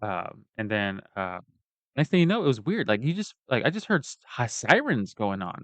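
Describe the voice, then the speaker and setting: A man's voice: medium pitch, sing-song, moderate pace, fairly bright tone, no echo. A man ranting in a casual, profane and rambling way as he tells a personal story. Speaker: vlogger giving a personal account. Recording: dull lo-fi dry recording.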